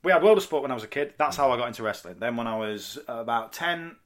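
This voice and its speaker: A British man in his thirties with a lively, swooping voice. He chats casually and tells stories in a rambling, friendly way, full of fillers. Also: mid-range voice, fast. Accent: British English. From Britain. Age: 30s. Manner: chatty storyteller, many fillers and laughs. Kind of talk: casual chat.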